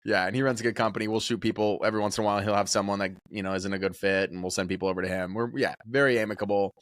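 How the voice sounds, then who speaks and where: A man in his thirties, a podcast guest chatting casually and telling animated stories. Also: lowish voice, rapid-fire, dry recording, clean studio sound. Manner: animated storyteller, often slips into voices when quoting people. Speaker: podcast guest, real estate investor. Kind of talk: casual interview chat.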